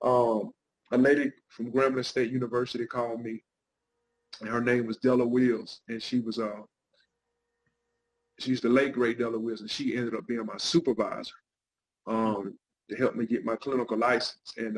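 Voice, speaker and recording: A man's voice: medium pitch, flat delivery, normal speed, slight background noise, poor audio. A middle-aged man, a guest pastor and counselor, telling his life story in an interview with an earnest, heartfelt manner.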